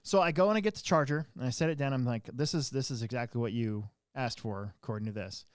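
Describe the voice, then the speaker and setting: Telling a story during a casual podcast chat, the male host gets animated and performs quotes in a raised voice. The sound is clean studio audio without echo, and his mid-range voice moves fast.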